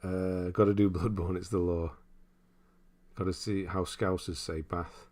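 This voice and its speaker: A man with a deep, rather flat and slightly mellow voice streams games and chats casually, reading out viewer comments. He speaks a little slowly, rambling and laughing often.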